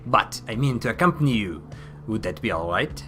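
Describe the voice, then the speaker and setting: A man voicing a mysterious, courteous wandering minstrel in a put-on French accent, with formal, measured speech in a video game. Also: fairly low pitch, animated, pushed and bright, faint music behind. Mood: calm courteous.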